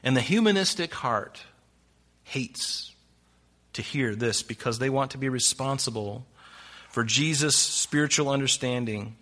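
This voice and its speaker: A man preaching a conversational verse-by-verse sermon as a pastor, full of rhetorical questions and dropping into soft, low asides. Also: moderate pace. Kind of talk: sermon, verse-by-verse Bible teaching.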